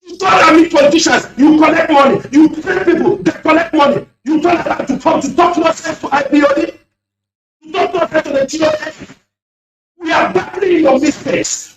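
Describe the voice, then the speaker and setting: A man's voice: extremely high pitch, a little fast. A man calling in to a radio show, speaking fiercely and accusingly with lots of repetition. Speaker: caller. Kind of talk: impassioned radio call-in speech. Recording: echoey distant lo-fi phone line.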